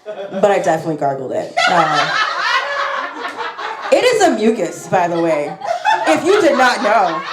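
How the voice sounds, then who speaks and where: A woman's voice: medium pitch, very animated, a little slow, long pauses, roomy sound, very noisy. A woman performing a stand-up comedy set on a lapel mic, rambling and self-deprecating with many fillers.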